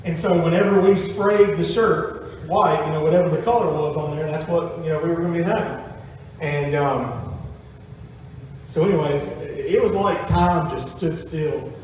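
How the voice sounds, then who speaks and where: A man's voice: on the high side, normal speed, a little mellow, slight background noise. A man, a pastor telling a family story in a folksy sermon to his congregation. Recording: echoey hall from far off.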